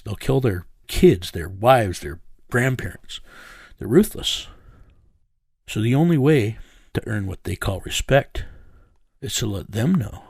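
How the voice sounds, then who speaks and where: A man's voice: fairly low pitch, creaky, darkish tone, breathy edge, no echo, clean studio sound. A man in an interview, bluntly recounting a tense story in a matter-of-fact way. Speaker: interview subject recounting events.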